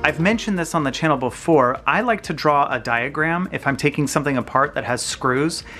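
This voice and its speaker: A man with a slightly high voice talks fairly quickly as he shows his channel's viewers how to work on a guitar in his home workshop. As a guitar builder, he explains things step by step in a relaxed way, with some restarts.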